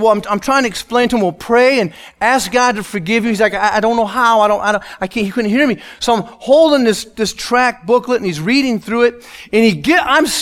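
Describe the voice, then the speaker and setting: A high-voiced male pastor from the Midwest preaches a sermon that includes his personal testimony. He's emotional, swinging from loud, emphatic lines to hushed, soft ones.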